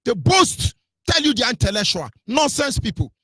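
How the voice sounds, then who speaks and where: A man's voice: very high-pitched, very animated, normal speed, bright, forceful tone, husky, dry recording, studio quality. A man with a Nigerian accent giving impassioned, mocking political commentary on the radio. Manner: fiery, mocking, mimics voices.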